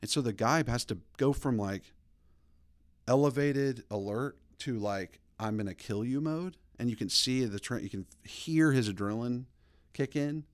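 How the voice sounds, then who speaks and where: A man in his thirties hosting a podcast, telling stories in a rambling, animated way. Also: mid-range voice, measured pace, dry recording, studio quality. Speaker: podcast host. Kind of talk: casual opinion talk.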